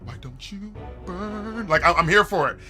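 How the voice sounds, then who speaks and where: Young male streamer, very bright and somewhat high voice, animated and joking, with soft music behind him. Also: moderate pace. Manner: animated, laughing, reads game dialogue aloud and jokes to chat. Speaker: game streamer. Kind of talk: casual let's-play commentary.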